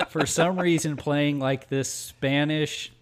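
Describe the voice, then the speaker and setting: A man's voice: fairly high pitch, steady tone, drawn-out words. Man, podcast co-host, casual chat, hesitant, lots of ums.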